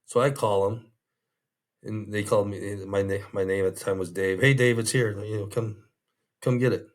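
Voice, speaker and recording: A man with a low voice tells a story in an interview. He acts out the other people, lifting his voice for their lines. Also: moderate pace. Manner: animated retelling, quoting others in raised voices. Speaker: former undercover officer telling a story.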